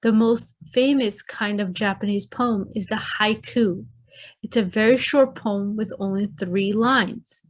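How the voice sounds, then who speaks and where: A woman teacher giving a recorded lesson to young children. She speaks slowly and explains things clearly. Her pitch sits at a middle height. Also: steady tone, slight background noise.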